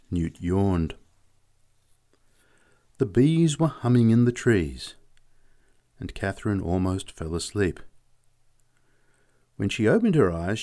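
A man narrating a novel in a measured, expressive audiobook reading. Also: lowish voice.

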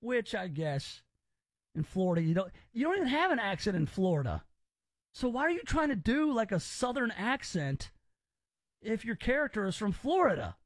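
A man's voice: sits high, sing-song, normal speed, no room sound, studio quality. A man from Memphis hosting a casual talk radio show, opinionated and rambling as he reacts to stories. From Memphis, Tennessee, US.

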